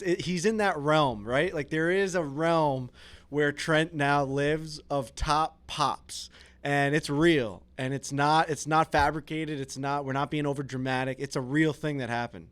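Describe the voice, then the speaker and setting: A man co-hosting a podcast in casual chat, joking and animated as he tells a story. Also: fairly high pitch. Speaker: podcast co-host.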